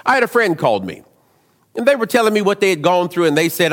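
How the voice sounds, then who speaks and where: A man preaching a sermon, telling stories in an animated way, dropping to low asides and rising to shouts. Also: fast, in a large hall.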